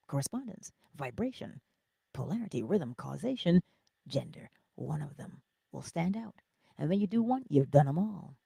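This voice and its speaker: Hosting a morning inspiration stream, a woman gives an animated motivational talk, swinging from loud cheers to soft whispers and laughing often. Her voice is low, creaky and husky, recorded in a clean studio with no room sound.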